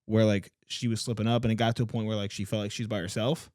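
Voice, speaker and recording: A man's voice: on the low side, level tone, quick pace, a little mellow, dry recording, clean studio sound. A man co-hosting a podcast, talking earnestly in casual chat, leaning on fillers and emphatic turns. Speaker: podcast co-host.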